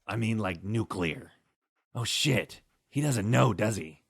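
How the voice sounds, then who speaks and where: A blunt, weary ghoul survivor from a video game, voiced by a man. His low voice is gravelly and raspy. It is recorded dry and close, with no room sound. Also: lively intonation, slow, no room sound, exaggerated voice. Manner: blunt and plain-spoken.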